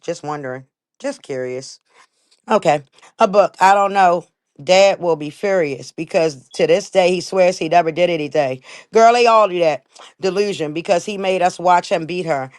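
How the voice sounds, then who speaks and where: A woman's voice: lowish voice, normal speed. Blunt, profane woman ranting on a livestream. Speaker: livestream host. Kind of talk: heated livestream rant.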